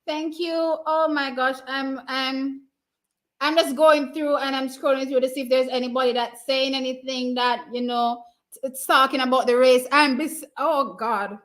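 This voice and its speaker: A Jamaican woman with a high, bright voice hosts a livestream watch party. She cheers the racing on in emotional, excitable live commentary, then drifts into casual chat with her viewers. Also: normal speed.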